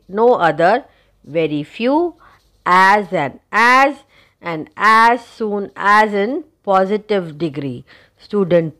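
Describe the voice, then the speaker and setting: A woman teacher explaining a grammar lesson, spelling out letters and addressing her students. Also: medium pitch.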